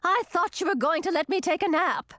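A woman voicing a blunt, gruff but kind old witch in a storybook reading. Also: extremely high pitch, fairly quick, sharp tone, no room sound, voice pushed up. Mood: brusque. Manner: blunt, scolding.

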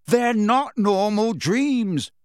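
A man voicing an agitated teenage boy wizard who speaks urgently and shouts, in an audiobook reading. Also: fairly high pitch, very animated, moderate pace, no echo, studio quality, pitched above the performer's own voice. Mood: urgent, shouting.

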